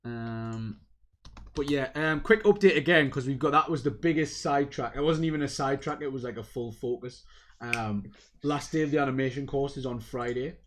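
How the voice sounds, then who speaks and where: A man hosting a casual livestream chat, excitable and rambling, poking fun at himself. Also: medium pitch, moderate pace, slight background noise. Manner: excitable, rambling, self-mocking. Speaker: livestream host.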